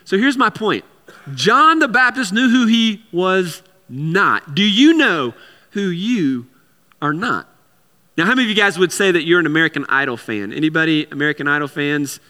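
A man's voice: sits high, animated, normal speed, bright, forceful tone, long reverb tail. A man preaching a sermon in a conversational way, with repeated words and casual asides. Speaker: pastor.

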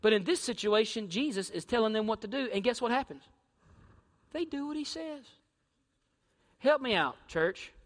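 A male pastor preaching a sermon in a church, dramatic, swinging from shouts to hushed near-whispers and firing rhetorical questions at the congregation. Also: very high voice, animated, moderate pace, pauses often, big-room sound. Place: church sanctuary.

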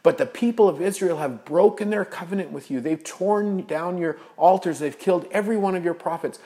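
A man's voice: a little high, expressive, normal speed, a little mellow. A man voicing a weary, desperate prophet who pleads in a strained, rising voice. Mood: exasperated.

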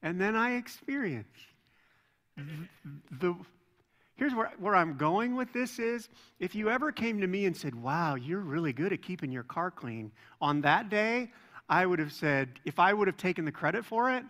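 A man preaching a sermon as pastor, telling stories in a relaxed, joking way. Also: sits high, moderate pace. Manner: conversational, self-deprecating storytelling. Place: church sanctuary. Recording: long hall reverb.

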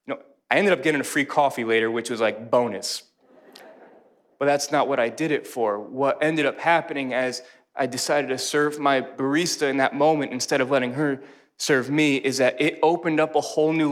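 A man in his thirties preaching a sermon in church, telling lively stories with quick laughs and voices. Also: mid-range voice. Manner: animated storytelling, quick laughs, mimics voices. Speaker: pastor.

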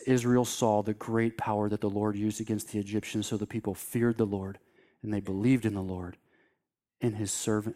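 A male pastor delivers a sermon with an emphatic, insistent manner. He often stops to tell his listeners to listen. His voice sits fairly high for a man. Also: a little mellow.

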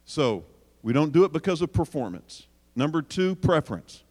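A man preaching to a live audience about parenting, animated and joking, talking straight to the crowd. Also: fairly high pitch, fairly quick. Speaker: speaker on parenting. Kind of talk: sermon. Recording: long hall reverb.

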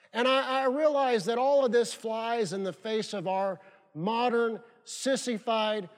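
A male pastor preaching a sermon, emphatic and fond of repeating key phrases for stress. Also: sits high. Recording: long reverb of a large hall.

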